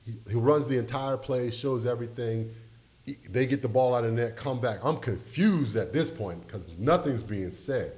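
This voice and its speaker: A middle-aged man from Tampa Bay, telling an emotional story as a podcast guest, animated and speaking straight to his listeners. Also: medium pitch, moderate pace. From Tampa Bay, Florida. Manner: animated, addresses listeners as y'all.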